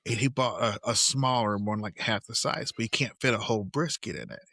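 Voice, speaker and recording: Animated and fairly quick, a middle-aged podcast co-host with a lowish voice shares family stories in casual conversation, acting out the dialogue. The sound is clean studio audio with no room sound.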